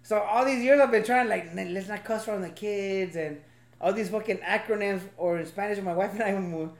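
A man's voice: high voice, a little fast, reverberant. A father in casual podcast chat, telling stories with lots of swearing and acting out what others said. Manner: animated storyteller, profane, acts out quotes.

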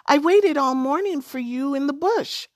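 A woman's voice: high voice, expressive, unhurried, dry recording, clean studio sound, pitched above the performer's own voice. A woman doing a sly young snake boy. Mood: coaxing. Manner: coaxing, wheedling.

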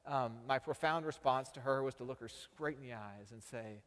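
A man's voice: medium pitch, normal speed, fairly bright tone, in a large hall. A man from Texas, a pastor telling a story in a sermon with self-deprecating humor.

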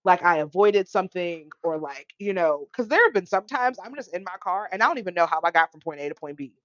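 A woman co-hosting a podcast in casual chat, talking haltingly with lots of fillers. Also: lowish voice, animated, a bit bright, no echo, lo-fi sound. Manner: halting, filler-heavy, quotes family in little voices. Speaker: podcast co-host.

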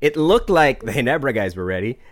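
A man's voice: mid-range voice, very animated, fairly quick. A man, hosting a casual chat and telling a story, acting out quotes and laughing often. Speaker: podcast host.

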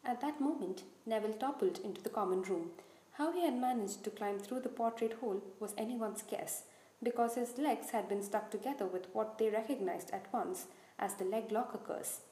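A woman reading a children's novel aloud as narrator with clear, even storytelling. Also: on the high side, normal speed, roomy sound, poor audio. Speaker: audiobook narrator. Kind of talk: scripted narration.

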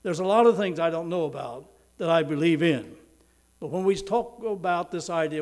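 A middle-aged male preacher delivering a sermon, slowing down for emphasis and swelling louder on key words, and leading the congregation in prayer. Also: a little high. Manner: preaching with emphatic slow stresses and sudden swells in loudness.

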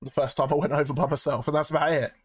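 Dry, relaxed man, somewhat high. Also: very fast, slightly rough. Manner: relaxed, hesitant with fillers, dry reactions. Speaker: podcast co-host. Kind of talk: casual chat, storytelling.

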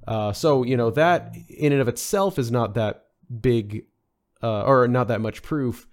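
Speaking a little slowly at medium pitch, a man chats as a guest on a casual podcast. He rambles, restarting often and leaning on many fillers.

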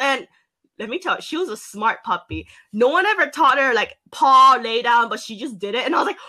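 Young woman, high and bright, animated casual storyteller with a swooping delivery. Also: brisk. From an island. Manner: animated storytelling with frequent fillers and high-pitched quoted voices. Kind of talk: casual chat.

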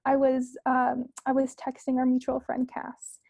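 A young woman, a podcast guest, talking casually and earnestly about herself, with many fillers and soft asides. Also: high voice, completely flat delivery, a little slow, creaky, dry recording, rough recording.

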